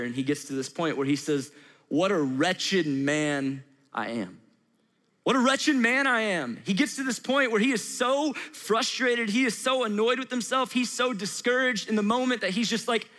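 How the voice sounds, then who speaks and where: A man's voice: high voice, sharp tone. A young adult man preaching a sermon as a pastor, earnest and conversational, repeating his phrases for emphasis. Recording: long reverb of a large hall.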